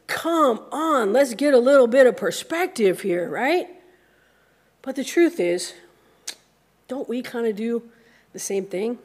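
A woman's voice: a little high, lively intonation, takes it slowly, long pauses, a little mellow. Conversational American woman pastor preaching. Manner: conversational, acts out grumbling voices. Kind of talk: sermon.

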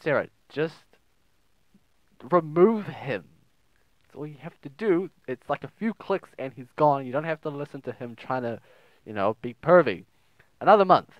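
A man's voice: on the high side, animated, normal speed, long pauses, dry recording, muffled recording. A young man giving casual, crude, joking commentary while playing a game, often reading messages aloud in silly voices. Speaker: gaming video host. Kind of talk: casual let's play commentary.

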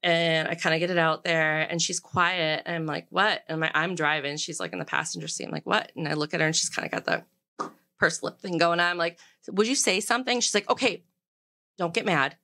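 A woman's voice: lowish voice, a little fast, bright, forceful tone. A woman in her forties telling candid stories in casual chat, acting out the dialogue as she goes. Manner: candid storyteller, acts out quoted dialogue. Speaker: podcast guest.

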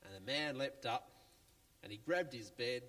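A man tells a children's Bible story in church in a playful, chatty, animated way. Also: mid-range voice, measured pace. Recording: long church reverb, faint music.

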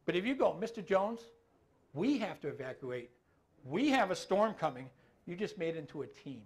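Slightly high-pitched with vocal fry, this middle-aged man delivers dementia care training to an audience. He talks in a relaxed, conversational manner, frequently checking in with the room and adding filler phrases.

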